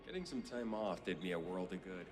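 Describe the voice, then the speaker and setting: An actor playing a calm adult man who lives on a space station, speaking in a relaxed, low-key way in a video game. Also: fairly quick. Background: game music.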